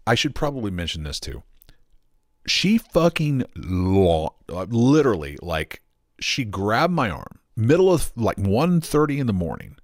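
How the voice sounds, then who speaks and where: Profane rambling man with a deep voice. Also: no room sound, studio quality. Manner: profane, rambling, animated storytelling. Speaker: streamer. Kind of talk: casual ranting monologue. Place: home.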